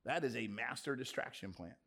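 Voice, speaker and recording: A man pastor preaching a lively sermon to a live congregation, with punchy rhetorical questions and jokey asides. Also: medium pitch, brisk, gravelly, breathy edge. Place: church before a congregation.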